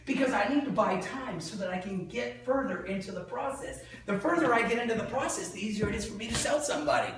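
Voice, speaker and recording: A man with a very high voice works a seminar room, joking and tossing fill-in-the-blank questions to the crowd. He is recorded from far off in a very echoey hall, with faint noise underneath. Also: quick pace, hardly any pauses. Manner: lively and joking. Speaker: sales trainer. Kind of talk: live seminar talk to an audience. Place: large indoor room with an audience.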